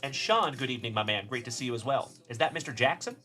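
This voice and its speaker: A man's voice: mid-range voice, lively intonation, fast, faint music behind. A man from Texas hosting a live card-opening stream, chatting casually and cheerfully calling out viewers by name. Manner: upbeat, shouting out chat viewers by name. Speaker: card-breaking livestream host.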